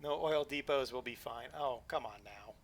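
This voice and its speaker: A man's voice: medium pitch, normal speed, slight background noise. A man hosting a live game stream, chatting casually and joking around as he plays. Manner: playful, jokey, chatty. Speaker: livestream host.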